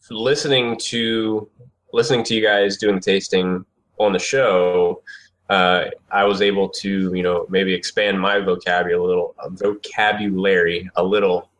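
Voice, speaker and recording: A man's voice: sits low, a bit bright. A man appearing as a guest on a podcast, answering casually in a hesitant way with many ums and uhs. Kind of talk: casual interview chat.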